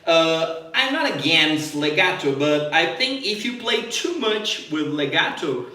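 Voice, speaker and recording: A man's voice: on the high side, sing-song, measured pace, bright, forceful tone, echoey room, far from the mic. A man teaching jazz guitar in a live lesson, explaining step by step, stopping to demonstrate on the guitar and checking in with "okay?".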